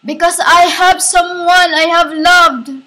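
A woman with a high, bright voice delivers a rambling spiritual monologue. She speaks slowly and haltingly, repeating herself and breaking off to address her listeners as women. She sounds like a self-styled preacher. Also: fairly even intonation, low-quality recording.

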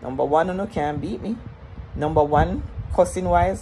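A Jamaican woman ranting to her viewers in a defiant, scolding way, her voice jumping up high when she gets riled. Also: moderate pace, dark tone, a little hiss or hum, low-quality recording. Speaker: vlogger. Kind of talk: heated rant to camera.

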